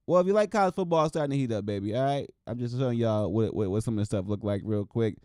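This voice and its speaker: A man from Wisconsin hosting a casual solo show, reacting to scores and news in a loose, excitable, slangy way and talking straight to his viewers. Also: medium pitch, quick pace, hardly any pauses, smooth, dry recording, studio quality. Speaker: host.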